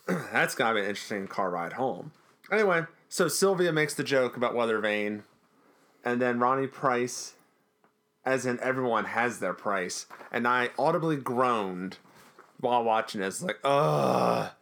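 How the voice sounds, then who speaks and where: Animated man in casual chat. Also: mid-range voice, a little slow. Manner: chatty, animated, jokey. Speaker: podcast co-host.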